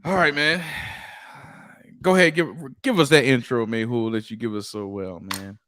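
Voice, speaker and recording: A Southern US man co-hosts a podcast, chatting casually and telling stories with laughs in a laid-back way. His mid-range voice is steady and a bit bright at normal speed, with a dry, clean studio recording.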